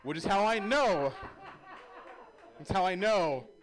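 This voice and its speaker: A man doing stand-up in a comedy club, self-deprecating and chatty. His fairly high voice leaps up and down as he tells stories and acts out other people. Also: lively intonation, slow.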